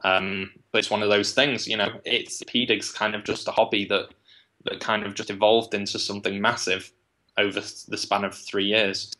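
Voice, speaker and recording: A man with an English accent, a guest talking in a casual interview, thinking aloud with quick restarts. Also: lowish voice, little pitch movement, bright, forceful tone, low-quality recording. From England. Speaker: guest, web agency founder.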